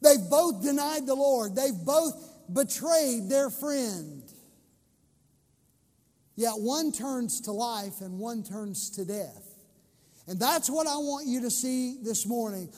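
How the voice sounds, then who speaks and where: A male pastor preaches with passion, leaning hard on key words and drawing phrases out slowly. His voice sits unusually high for a man. A long reverb rings after his lines, as in a big church sanctuary. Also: expressive, darkish tone. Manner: impassioned preaching with slow emphatic phrases. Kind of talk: sermon.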